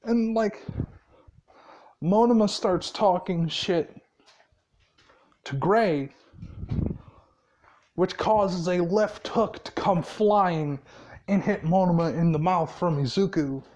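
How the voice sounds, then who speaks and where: A man's voice: high-pitched, takes it slowly, long pauses, a little mellow, dull audio. A tired man casually retelling a fan story, rambling with many fillers and a lot of swearing.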